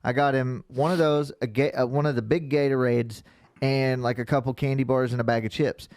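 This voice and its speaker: A man tells blunt, swearing anecdotes on a casual podcast. His voice sits at mid pitch and sounds dry, with no room around it. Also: fairly even intonation, a little fast, a little mellow, dry recording. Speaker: podcast co-host. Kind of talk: casual chat.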